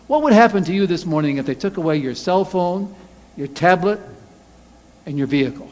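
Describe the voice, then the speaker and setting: Pastor, male, high voice, lively sermon delivery with loud acted-out quotes, church hall reverb. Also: fairly quick. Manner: animated, acts out angry quotes loudly. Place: church sanctuary.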